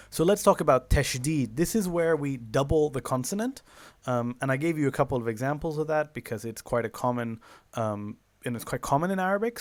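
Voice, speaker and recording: A man with a slightly high voice gives a recorded online lesson, walking through it step by step with lots of fillers and self-corrections. He slows down to draw out example words. The studio-quality audio has no room sound.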